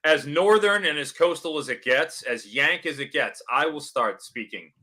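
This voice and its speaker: A man from Boston, chatting on a podcast in an animated, joking way. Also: fairly high pitch, normal speed. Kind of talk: casual podcast chat.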